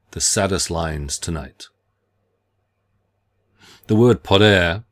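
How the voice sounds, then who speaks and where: Deep-voiced man giving a measured literature lecture. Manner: measured, deliberate reading with careful phrasing. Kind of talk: scripted academic lecture.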